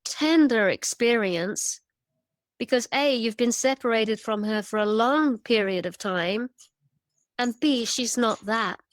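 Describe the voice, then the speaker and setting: Animated woman telling an old myth. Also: on the high side, takes it slowly, dry recording. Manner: animated, vivid storytelling with emphatic lists. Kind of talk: casual storytelling conversation.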